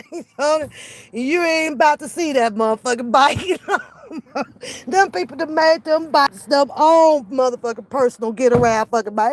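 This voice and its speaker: A woman vlogger chatting casually, telling loud, profane, laughing stories. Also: high-pitched. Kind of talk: casual chat.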